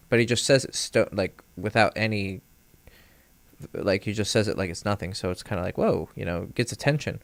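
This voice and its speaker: On a livestream, a dating coach tells a long, rambling story, swearing freely and acting out other people's lines with rising pitch. He uses many fillers and restarts, and his fairly bright voice comes through with no room sound.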